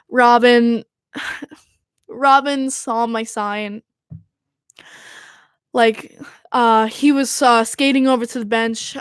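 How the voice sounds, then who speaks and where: A young woman talks casually on her podcast, gushing with excitement and packing her sentences with fillers. Her voice sits a little high. The recording is dry and close, with no room sound. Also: clear, resonant tone, dry recording. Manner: gushing, excitable fan talk with many fillers. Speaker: podcast host. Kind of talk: casual chat.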